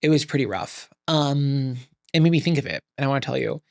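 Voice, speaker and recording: A young man co-hosting a podcast, telling stories with animated, self-mocking drama. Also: medium pitch, brisk, creaky, no echo, studio quality. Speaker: podcast co-host. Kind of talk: casual storytelling chat.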